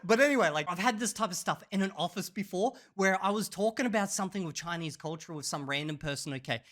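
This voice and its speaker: A man telling a story in a casual vlog, animated and profane, often breaking into laughter. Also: high voice, fast talker. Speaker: channel host.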